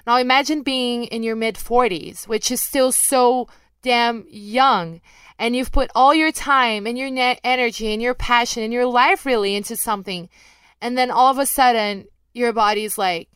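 A woman's voice: a little high, moderate pace, a bit bright, clean tone, no room sound. A young adult woman, an MMA journalist, answering listener questions in a candid, self-deprecating, chatty way. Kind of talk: casual chat, reading out questions.

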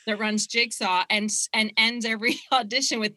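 Canadian woman, podcast co-host, animated storyteller, bright forward tone. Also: a little high, moderate pace, no echo. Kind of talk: casual chat.

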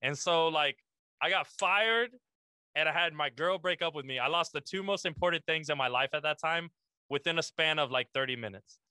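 A man's voice: a little high, moderate pace, sharp tone, clear, resonant tone, dry recording. A young man, a podcast guest, telling a casual story full of slang and swearing, calling the listener "bro".

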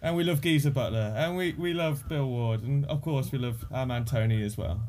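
A man's voice: mid-range voice, brisk, a little mellow. A man from Birmingham with a Brummie accent, chatting casually and laughing often, self-deprecating. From Birmingham, England. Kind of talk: casual chat.

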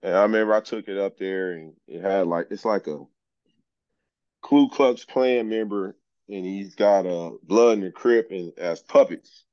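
A man's voice: low-pitched, measured pace, a little mellow, no echo, muffled recording. A man, a podcast guest, telling his life story in a laid-back, frank way and often saying "man". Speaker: podcast guest, journeyman lineman. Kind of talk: casual storytelling interview.

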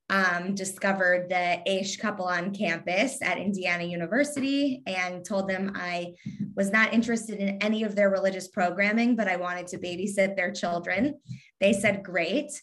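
A woman's voice: medium pitch, moderate pace, a bit bright. Chatty woman with a light Kentucky twang. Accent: light Southern (Kentucky) twang. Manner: sarcastic, witty, chatty with frequent ums. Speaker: guest, Instagram influencer. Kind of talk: casual interview chat.

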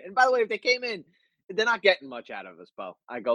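Animated, laughing man, dry close sound. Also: sits high, moderate pace, pauses often, no echo, poor audio. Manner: animated storyteller, laughs often. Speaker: comedian guest. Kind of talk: casual chat.

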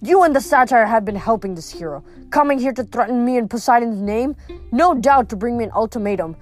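A woman's voice: on the high side, expressive, a little fast, darkish tone, faint music behind, close to an everyday voice. A woman voicing an imperious, angry male god of the underworld who bellows threats and grievances in a storybook reading. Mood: menacing.

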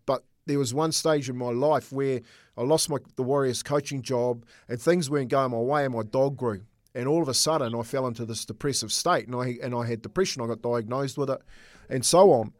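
A man's voice: medium pitch, normal speed, a little mellow, no echo, clean studio sound. A middle-aged man co-hosting a casual sports chat, telling a personal story earnestly with many restarts. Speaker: co-host.

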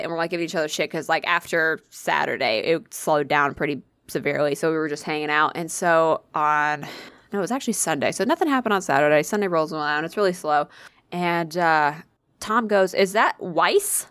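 A young woman casually telling an excitable, profanity-laced story, acting out the voices of the people in it. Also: deep voice, brisk, clear, resonant tone, no echo, studio quality. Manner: excitable, swears freely, acts out quoted voices. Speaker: convention volunteer telling a story.

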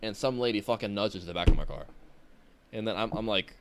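A man's voice: lowish voice, brisk, crowd noise. A young man co-hosting a podcast, talking bluntly and swearing casually, trailing off with "blah, blah". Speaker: podcast co-host. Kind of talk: casual chat.

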